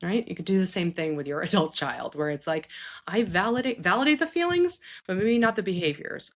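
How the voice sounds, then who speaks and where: A woman psychologist hosting a show, giving casual advice to parents in an earnest, animated way, often restarting her sentences. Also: on the low side, brisk. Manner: earnest, animated, frequent restarts and self-corrections.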